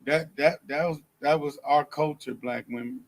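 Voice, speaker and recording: A man's voice: on the high side, steady tone, normal speed, rough recording. A man in a casual group teaching session, adding comments and backing up the main speaker. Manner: affirming, interjecting.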